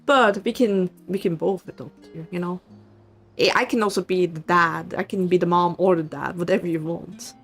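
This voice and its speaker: A woman's voice: on the low side, unhurried, pauses often, fairly bright tone, faint music behind. A woman streamer chatting casually with her viewers in a giggly, playful, teasing manner. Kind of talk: casual live-stream chat.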